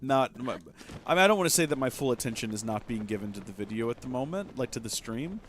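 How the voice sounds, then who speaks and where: A man's voice: mid-range voice, expressive, quick pace, a little hiss or hum. A man hosting a casual gameplay livestream, rambling and self-deprecating as he chats with viewers. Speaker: livestream host.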